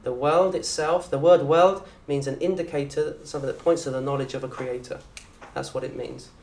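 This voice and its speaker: A man with a southern English accent teaching an Arabic course in a lecture room. He talks in a lively way, quizzes the audience and acts out little scenes. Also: a little high, a little fast, slight background noise. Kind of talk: lecture to an open day audience. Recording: roomy echo from a distant mic.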